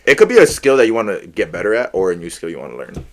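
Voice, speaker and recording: A man's voice: deep voice, very animated, very fast, creaky. A young man co-hosting a podcast in casual chat, laid-back and slangy, full of "like" and "bro". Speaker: podcast co-host.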